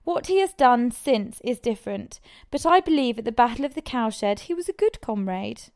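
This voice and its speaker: A woman voicing a slow earnest cart-horse. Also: fairly high pitch, lively intonation, a little mellow. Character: simple loyal strong male cart-horse.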